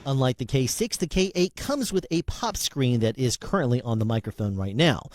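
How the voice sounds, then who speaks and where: A man talking up close into a handheld dynamic mic in a small room at home, his pitch bouncing around as he reviews the gear. The sound is dry, with no roominess around his voice. His delivery is relaxed and conversational, like a hands-on demo. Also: normal speed, no room sound. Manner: conversational, demonstrating into different mics. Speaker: product reviewer. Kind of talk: casual product review demonstration. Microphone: handheld dynamic microphone, close.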